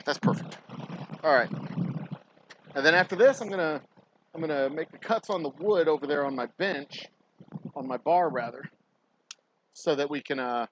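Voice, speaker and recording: A man's voice: fairly high pitch, lo-fi sound, a little hiss or hum. A man livestreaming casual chatter while he works, rambling and swearing freely. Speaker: distillery owner livestreaming. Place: indoors at a distillery workspace.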